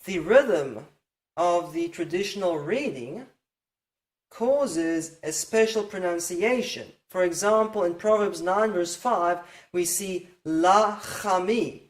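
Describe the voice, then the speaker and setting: A patient, methodical teacher explains pronunciation in a steady, middle-pitched voice. They pause to sound out words slowly and check in with their listeners. The room adds a clear, roomy echo. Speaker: Hebrew teacher. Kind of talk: explanatory lesson on Hebrew pronunciation.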